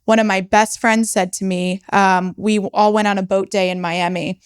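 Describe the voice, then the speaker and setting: A young woman, a startup founder appearing on a podcast, recounts her own story candidly, cursing freely as she goes back through it. Her voice is medium-pitched, smooth and level, at a normal speed.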